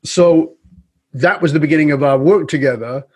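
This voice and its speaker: A middle-aged man, a guest on an interview show, telling a story in a lively conversational way and acting out the dialogue. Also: fairly high pitch, moderate pace, breathy edge. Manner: animated storyteller who acts out quoted dialogue. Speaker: guest speaker and coach.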